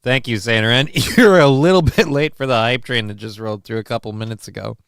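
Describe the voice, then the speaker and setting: A man hosting a live stream, reading viewer messages aloud in a rambling, deadpan way with lots of fillers. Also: medium pitch, brisk, clean tone, no room sound. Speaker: live-stream show host.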